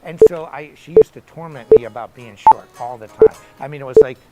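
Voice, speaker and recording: Rambling middle-aged guitar teacher. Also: male voice, mid-range voice, a little fast, dull audio, very noisy. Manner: rambling, anecdotal, full of asides. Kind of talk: casual one-on-one lesson talk. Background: loud electric guitar playing.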